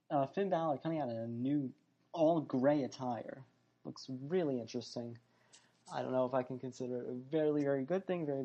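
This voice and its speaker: A man's voice: medium pitch, darkish tone, muffled recording. A man hosting a podcast, chatting casually through a fight recap in a rambling way, full of fillers and self-corrections. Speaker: podcast host. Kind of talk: solo wrestling and fight recap chat.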